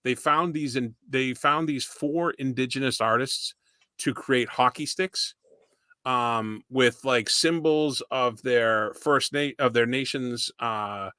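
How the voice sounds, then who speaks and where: A man's voice: medium pitch, slow, bright, forceful tone, clean tone, no room sound, studio quality. A middle-aged man co-hosting a podcast, rambling through stories with swearing and laughs. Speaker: podcast co-host. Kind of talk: casual chat.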